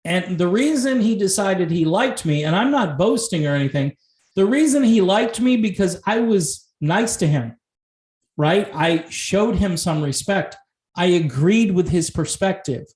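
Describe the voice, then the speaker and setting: A man's voice: high voice, animated, a little slow, darkish tone, reverberant. A man hosting his own music commentary channel, talking casually and animatedly, laughing often and throwing in rhetorical asides.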